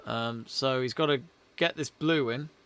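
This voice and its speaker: A man's voice: medium pitch, unhurried, fairly bright tone, clean tone, no room sound. A man co-hosting a live sports watch-along, chatting casually and reading out viewer messages. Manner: chatty, reads out viewer messages, laughs often. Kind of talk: casual live commentary chat.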